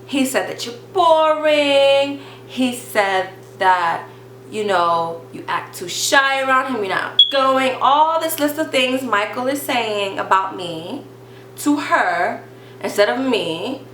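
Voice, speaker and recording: A young woman telling a storytime vlog in a chatty, animated way, leaning on "like" and bluntly swearing now and then. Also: on the high side, takes it slowly. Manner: chatty, animated retelling full of "like" and acted quotes. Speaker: vlogger. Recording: roomy echo with faint hum.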